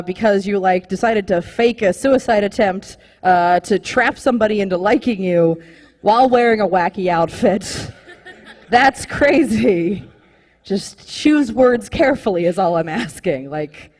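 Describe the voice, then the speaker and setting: A young woman performing a live stand-up comedy set, rambling and animated, full of "like" fillers. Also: a little high, in a large hall. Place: comedy club stage with live audience.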